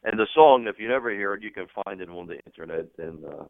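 A middle-aged man telling casual stories as a guest on an interview, animated and quick to jump into high voices when quoting people. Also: gravelly, dry recording. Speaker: guest, wrestling manager and author. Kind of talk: casual storytelling on a call-in interview. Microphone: telephone. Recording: tinny phone line.

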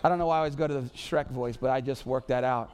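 A man's voice: medium pitch, fast talker, clear, resonant tone. A man preaching a casual, joking sermon full of "y'all" and "like". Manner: animated, joking, says "y'all" and "like" a lot. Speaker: pastor.

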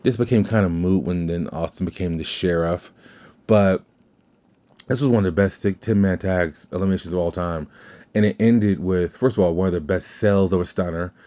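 A man's voice: low-pitched, normal speed, mellow. A man hosting a podcast in casual chat, rambling and cursing, with many restarts. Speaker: podcast host. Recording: slightly dull lo-fi sound.

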